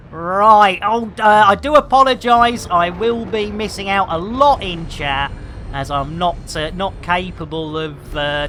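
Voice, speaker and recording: A woman chats with her viewers while playing a game, joking around and breaking into excited exclamations. Her voice is bright and forward, and she talks at an unhurried, drawn-out pace, full of fillers and trailing thoughts. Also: lowish voice, a little hiss or hum. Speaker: game streamer. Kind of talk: casual live-stream chat while playing.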